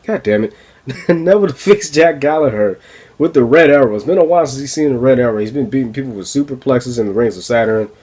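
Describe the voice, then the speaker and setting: A man's voice: mid-range voice, lively intonation, fast, darkish tone, husky. A man hosting a wrestling review podcast, ranting casually and profanely with frequent laughs. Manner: profane, exasperated, laughs often.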